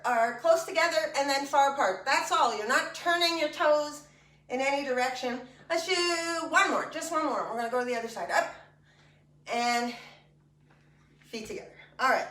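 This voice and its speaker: A high-voiced woman leads an exercise class, chatty and joking as she calls out each move. Her voice is bright and carries. It is picked up from a distance in an echoey room. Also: moderate pace. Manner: chatty and joking between cues. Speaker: fitness instructor. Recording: echoey room, mic far off.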